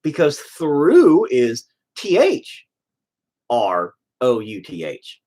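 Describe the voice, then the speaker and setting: A man's voice: medium pitch, wildly swooping pitch, very slow, mellow. A middle-aged man hosting a painting video, chatting casually and ranting with heavy profanity in exasperation. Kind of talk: casual chat while painting.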